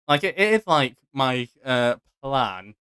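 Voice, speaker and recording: A man's voice: mid-range voice, sing-song, slow, bright, forceful tone, smooth, no echo. A young British man hosting a casual podcast chat, talking in chatty, giggly bursts with stammering restarts. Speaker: podcast host. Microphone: home microphone, strict settings.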